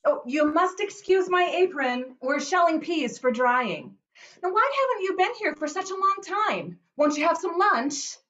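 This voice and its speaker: An actress playing a chatty, bustling young country daughter in an amateur remote stage play. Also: female voice, very high voice, sing-song, normal speed, fairly bright tone, reverberant, muffled recording, exaggerated voice. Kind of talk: amateur stage acting over video.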